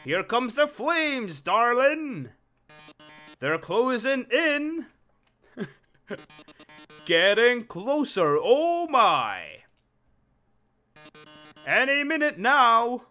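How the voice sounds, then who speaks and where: A man voicing a flamboyant male robot game-show host with a melodramatic, drawn-out sarcastic delivery. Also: very high-pitched, big pitch swings, bright, forceful tone, faint music behind, pitched above the performer's own voice, heavily acted. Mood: taunting.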